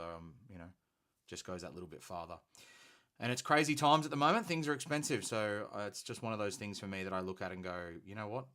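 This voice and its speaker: A very deep-voiced Australian man hosts a live painting stream. He talks in a loose, enthusiastic and chatty way, full of ums. He keeps the easygoing pace of someone working with his hands while he talks. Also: a bit bright. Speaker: hobby stream host.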